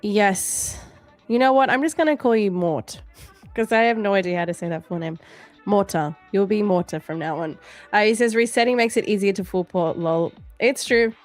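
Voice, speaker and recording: Woman, live-stream host, casual chat, playful and teasing, mid-pitched voice, soft music underneath. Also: moderate pace. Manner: playful, laughs often, teasing. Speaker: livestream trading show host.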